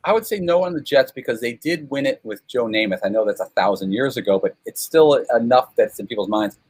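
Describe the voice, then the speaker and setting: Man, husky voice, casual storytelling, animated, self-deprecating guest. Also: medium pitch, brisk.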